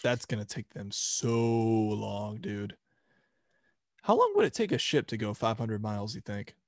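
A young man co-hosting a podcast, chatting casually, joking and jumping up in pitch when he exclaims. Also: measured pace, dry recording, clean studio sound. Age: young adult. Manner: animated, joking, voice jumps high when exclaiming. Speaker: podcast co-host.

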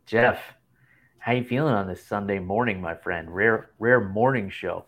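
A man's voice: fairly low pitch, normal speed, a bit bright. Laid-back man hosting a chat show. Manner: laughs often, rambling storyteller. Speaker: podcast host. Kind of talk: casual chat. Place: hotel room.

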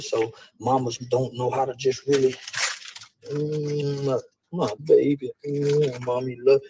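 A man who speaks to youth, delivering an emphatic, preachy monologue that swings between loud and hushed. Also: mid-range voice, slight background noise, poor audio.

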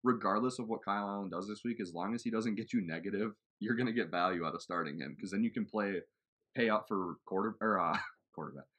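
A man co-hosting a casual fantasy football podcast, relaxed and agreeable. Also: fairly low pitch, fast talker. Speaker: podcast co-host.

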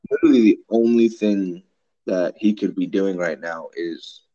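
A man's voice: low-pitched, normal speed, dark tone, dry recording, muffled recording. A man co-hosting a casual comedy podcast, joking around, laughing often and riffing silly mock ads. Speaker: podcast co-host.

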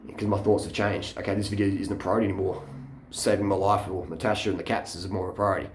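A man's voice: lowish voice, quick pace, reverberant. A man ranting casually to his camera, blunt and profane, laughing at his own stories. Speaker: vlogger. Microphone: camera mic.

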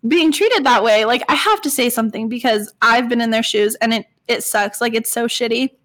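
Young female co-host, chatty storyteller, slightly high voice, lots of fillers. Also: brisk. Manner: animated, quotes people with "I was like", frequent fillers. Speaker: podcast co-host. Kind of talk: casual storytelling chat.

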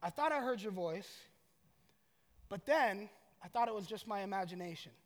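A man's voice: high voice, expressive, normal speed, a little hiss or hum. A man doing a sweet little girl's excuse. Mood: innocent. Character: young girl, innocent excuse-maker. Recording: echoey large hall.

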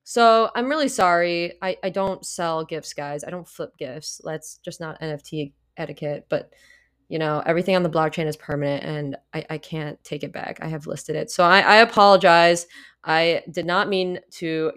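A woman's voice: low-pitched, normal speed, a bit bright, clean tone. Rambling young woman podcast host. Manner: rambling and apologetic, stumbling restarts, lots of "like". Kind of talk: casual solo podcast chat.

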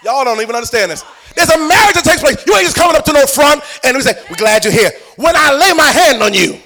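A man preaching as a pastor, shouting and singing out phrases and acting out the voices of the people in his text. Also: extremely high pitch, lively intonation, fast talker. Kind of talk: sermon.

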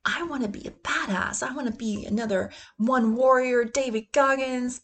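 A woman hosting a motivational podcast, talking with energy and laughing often, sometimes dropping into gruff chanted quotes. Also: on the high side, moderate pace, few pauses, fairly bright tone. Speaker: podcast host.

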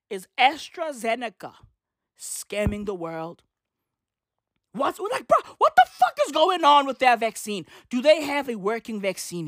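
Woman, brash profane news ranter, slow lively delivery, slightly high, dry close sound. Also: no echo. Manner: profane, slangy, fires rhetorical questions. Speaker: commentator. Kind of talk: ranting news commentary.

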